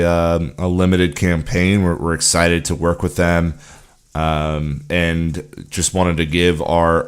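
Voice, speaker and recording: Low-pitched, clear and resonant, this football podcast co-host keeps the talk easygoing and chatty, leaning heavily on "you know" in casual conversation.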